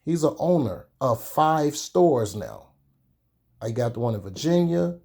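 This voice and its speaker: A young man talks candidly to his vlog viewers. His voice is mellow and warm at an ordinary pitch. He tells his story in a chatty way, with drawn-out pauses. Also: animated, breathy edge. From Chicago. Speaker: sneaker vlogger.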